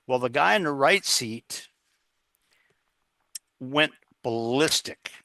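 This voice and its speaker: A man's voice: medium pitch, lively intonation, takes it slowly, gravelly, pushed and bright, a little hiss or hum. A man telling an earnest story as a guest in a casual interview, acting out the dialogue as he goes. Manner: earnest, anecdotal, quotes others in dialogue.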